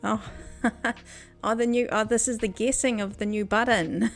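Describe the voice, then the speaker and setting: A woman with a New Zealand accent chats casually with her viewers during a game stream, speaking into a desk microphone. Her voice is a little high, with a steady tone and moderate pace, and she giggles often as she talks to chat. Soft music plays in the background.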